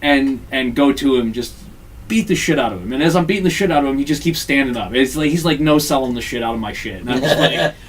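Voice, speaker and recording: A man's voice: mid-range voice, fast talker, far from the mic, a little hiss or hum. A man hosting a podcast, casually telling a wrestling story with lots of swearing and acted-out quotes. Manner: profane, animated, acts out quotes. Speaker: podcast host recapping a wrestling game.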